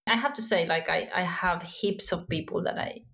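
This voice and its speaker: A woman guest in casual chat, excitable and rambling, with many fillers and restarts, over a remote call. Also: on the low side, normal speed, gravelly.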